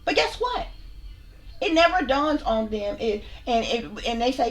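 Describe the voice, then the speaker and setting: A woman who hosts a channel and works as a spiritual reader rants heatedly to camera in a casual way. She's blunt, profane and sassy and repeats herself. Her voice is a little high, animated and unhurried, with faint music behind.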